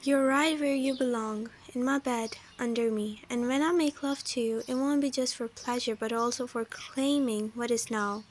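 A domineering young mafia husband from a romance audio story, as a woman reads him out in her own high voice. He is possessive and commanding, and the lines come in an even, steady reading manner without much change of voice. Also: moderate pace, few pauses, slight background noise, natural voice.

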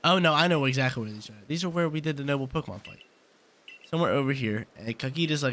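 A man's voice: medium pitch, quick pace, a bit bright, a little hiss or hum. A young man casually commentating his gameplay as a channel host, laid-back and slangy, often repeating himself.

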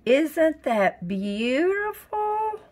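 Brief: woman vlogger, giggly and folksy, slightly high, unhurried delivery. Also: very animated, a little mellow. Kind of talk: casual home vlog chat. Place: indoors at home.

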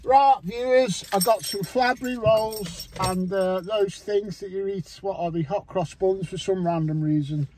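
Man, Scouse accent, high voice, sweary rambling car vlog, engine and road noise. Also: a little slow, hardly any pauses, a little mellow. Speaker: vlogger. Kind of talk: casual chat to camera. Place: in a car, driving. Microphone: camera mounted on car window.

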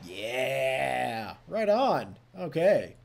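A man's voice: medium pitch, sing-song, drawn-out words, creaky. A young man casually commenting on his strategy game session, chatty and self-mocking, laughing often. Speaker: let's play host.

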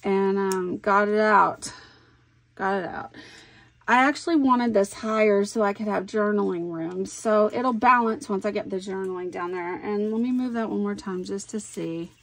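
A woman's voice: medium pitch, normal speed, a bit bright. A middle-aged woman, chatting casually and thinking aloud as she works on a scrapbook layout. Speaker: scrapbooking crafter. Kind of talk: casual crafting vlog talk.

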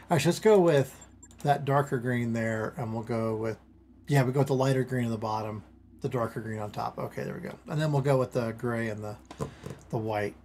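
A man with a medium-pitched voice streams a strategy game from home, offering loose, rambling commentary, interrupting himself and perking up over minor details. Slight background noise can be heard.

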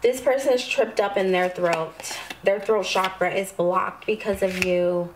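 Woman doing a tarot reading, really slow calm talk that jumps up when she gets excited, bit of hiss. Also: mid-range voice. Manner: slow, breathy spiritual delivery with sudden excited outbursts. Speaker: tarot reader.

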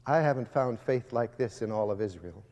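A man's voice: medium pitch, lively intonation, moderate pace, darkish tone, voice pushed down, lightly acted. A man quoting Jesus in a solemn, tender voice as part of a speech. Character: gentle, authoritative male Jesus, quoted. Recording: long reverb of a large hall.

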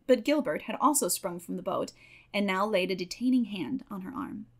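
A woman narrating a classic novel as an audiobook, telling it in a measured, expressive way. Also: mid-range voice. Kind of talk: scripted narration.

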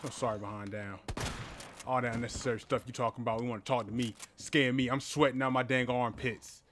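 A man casually commenting on a horror game as he plays, talking to his viewers and yelling when startled. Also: mid-range voice, brisk, background noise. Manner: excitable, talks to viewers, yells at jump scares. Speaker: gaming channel host. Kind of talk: casual let's-play commentary. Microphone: headphones with a mic.

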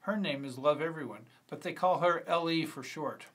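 A man's voice: on the high side, moderate pace, fairly bright tone, husky. Male reader voicing a dismissive teen girl, curt lines. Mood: sullen. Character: teenage girl, sullen and dismissive. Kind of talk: screenplay reading.

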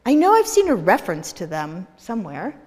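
A woman's voice: mid-range voice, wildly swooping pitch, brisk, a little mellow. A woman voicing a vague, musing woman librarian. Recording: echoey hall.

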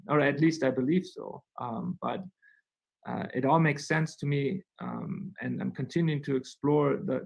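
A man speaking as a physician guest in a webinar, his voice sitting a little high with a gravelly edge. He explains in a halting, conversational way, full of fillers and restarts. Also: rough recording.

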